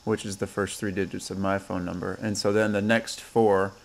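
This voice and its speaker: Low-voiced man in casual chat. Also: flat delivery, moderate pace, vocal fry. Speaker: host.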